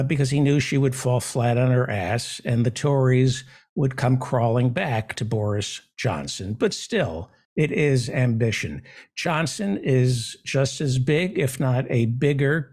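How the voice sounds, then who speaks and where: A man hosting a comedy show, delivering a sarcastic, deadpan satirical monologue. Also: mid-range voice. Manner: sarcastic, deadpan jokes with mock questions.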